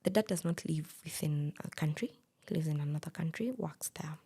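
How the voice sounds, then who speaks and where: A young Kenyan woman co-hosting a podcast, recounting a personal story in a hushed, breathy way. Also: low voice, brisk. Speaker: podcast co-host.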